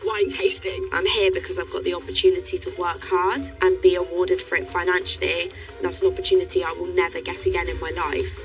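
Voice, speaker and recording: A worn-out woman chatters in strained bursts as she labours, her voice picked up from a distance. A music bed runs clearly underneath her. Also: on the low side, level tone, a little fast. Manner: frantic, strained, self-talking while working. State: exhausted, out of breath. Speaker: reality competition contestant. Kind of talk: casual on-the-spot commentary.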